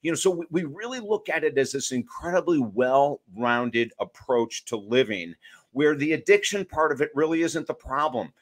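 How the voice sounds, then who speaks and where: A man's voice: fairly high pitch, moderate pace. A man, an author and addiction counselor, talking emphatically in a podcast interview and telling stories to make his points. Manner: emphatic, storytelling, lively asides.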